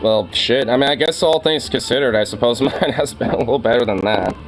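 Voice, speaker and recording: A man's voice: medium pitch, fairly quick, faint music behind. A young man chatting casually with his viewers, rambling, laughing often and swearing freely. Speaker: streamer.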